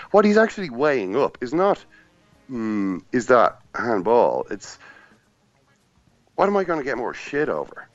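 A man on a football podcast, chatting casually and acting out players and the referee in quick asides. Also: fairly high pitch, a bit bright, dry recording, lo-fi sound. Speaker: football pundit at the final.

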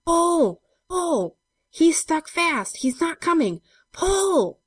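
A woman's voice: very high-pitched, very animated, extremely slow, no room sound, pitched above the performer's own voice, exaggerated voice. A woman voicing a frightened young male servant in a told story, pleading and urgent. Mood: frantic.

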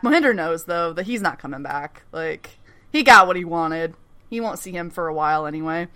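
A woman's voice: fairly low pitch, fairly quick. A woman co-hosting a casual podcast, recapping a TV episode with swearing and lots of laughs. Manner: animated, swearing, laughing often, acting out characters' lines. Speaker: podcast co-host recapping a TV series. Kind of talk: casual chat.

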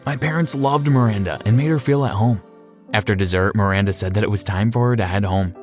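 Over background music, a man reads a scripted story aloud in a steady, measured voice pitched fairly low.

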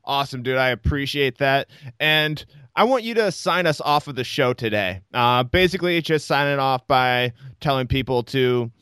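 A man hosting a podcast, chatting casually in an easygoing, relaxed way. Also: medium pitch, normal speed, clear, resonant tone, dry recording, studio quality. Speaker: podcast host.

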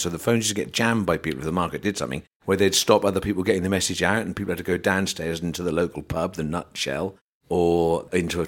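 Casting: middle-aged English man, low voice, animated podcast storyteller. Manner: animated anecdotes, acts out voices. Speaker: podcast guest. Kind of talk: casual storytelling chat.

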